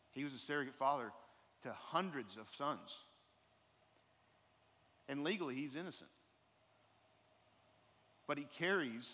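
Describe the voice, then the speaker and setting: A man's voice: fairly high pitch, sharp tone. A man giving an earnest sermon as a guest speaker in a church, building to emphatic preaching. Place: church sanctuary. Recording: reverberant hall.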